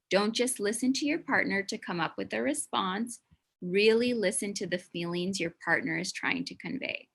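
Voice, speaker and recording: Bright, emphatic woman giving a talk. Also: fairly low pitch. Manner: earnest and emphatic, with frequent "you know" and "like". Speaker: presenter of a mental health talk. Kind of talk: conversational educational presentation.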